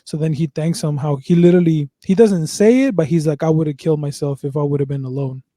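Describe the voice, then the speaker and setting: A man's voice: fairly high pitch, flat delivery, fast, dark tone, no echo. A man hosting a podcast, chatting casually, rambling and swearing with lots of fillers and restarts. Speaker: podcast host.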